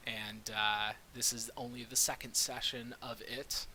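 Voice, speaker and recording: A man's voice: mid-range voice, little pitch movement, unhurried, hardly any pauses, bright, forceful tone, a little hiss or hum, low-quality recording. A man playing a tabletop game, chatting playfully and laughing often. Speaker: player.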